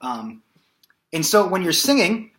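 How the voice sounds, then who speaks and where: A man giving a casual singing lesson as a voice teacher, explaining in a loose, relaxed way with plenty of fillers. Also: high-pitched, a little slow, background noise.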